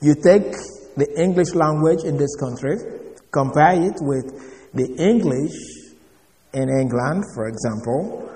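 Male preacher, fairly high voice, methodical, spells out words, sermon-style teaching, echoing hall. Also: mellow. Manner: deliberate, spells words out letter by letter. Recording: reverberant hall recording.

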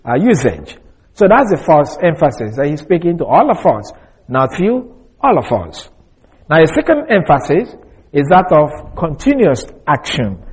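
A man giving verse-by-verse Bible teaching in a deliberate, explanatory way, repeating his key points. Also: fairly high pitch, darkish tone, husky, poor audio.

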